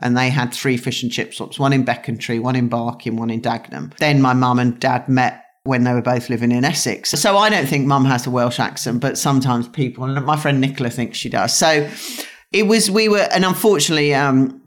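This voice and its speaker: A woman's voice: extremely low pitch, a little fast. Chatty woman rambling about family. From England. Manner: chatty, rambling, many restarts. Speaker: chef and guest. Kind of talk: casual interview chat. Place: home kitchen.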